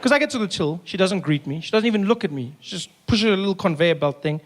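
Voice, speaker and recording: Animated South African stand-up comic. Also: male voice, high voice, fast. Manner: animated, acts out voices. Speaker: stand-up comedian. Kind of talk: stand-up comedy.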